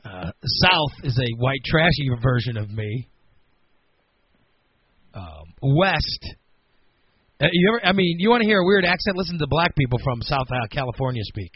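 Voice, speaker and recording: A man's voice: medium pitch, big pitch swings, normal speed, pauses often, breathy edge. A man in his forties with a Midwestern American accent, hosting a casual radio chat and rambling through his opinions. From Chicago, United States. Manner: rambling, opinionated, talks through thoughts aloud. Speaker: radio show host. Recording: dull lo-fi radio recording.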